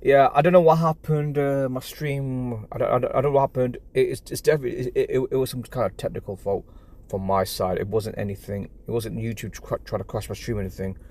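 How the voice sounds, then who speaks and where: A man's voice: medium pitch, steady tone, fast, dark tone, a little hiss or hum. A man with an English accent chatting casually on a live stream from his phone, stumbling over his words and repeating himself. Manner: stammering, repeats words, rambling and apologetic.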